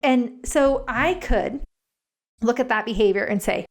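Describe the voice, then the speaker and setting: On a podcast recording, a woman guest who works as a parenting educator explains things step by step in an unhurried, fairly high voice. Earnest and casual in this conversational interview, she often uses "like" as a filler.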